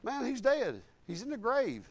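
Male preacher, high and expressive, folksy and animated. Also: a little slow, dry recording. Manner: folksy storytelling, animated, acts out quotes. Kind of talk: sermon.

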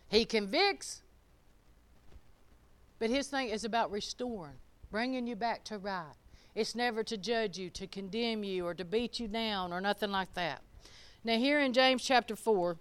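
A woman gives a folksy, emphatic sermon and talks to her congregation like old friends. Her voice sits a bit high and sounds bright and forceful, with a clear, crisp tone. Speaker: preacher.

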